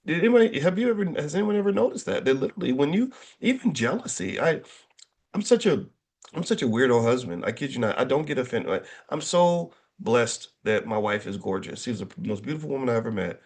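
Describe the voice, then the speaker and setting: A middle-aged man talks to a crowd with a lively, swooping pitch that jumps up when he gets excited. He tells stories with jokes and stumbles over his words, restarting sentences as he goes. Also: fast. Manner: animated, joking storyteller with many restarts. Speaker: finance educator and speaker. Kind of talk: casual talk to an audience.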